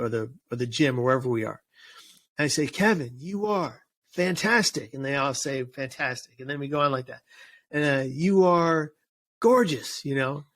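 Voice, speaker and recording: In a casual interview chat, a man who speaks on suicide prevention appears as a guest, his mid-range voice fairly bright. He's earnest and emphatic, frequently restarting and repeating words.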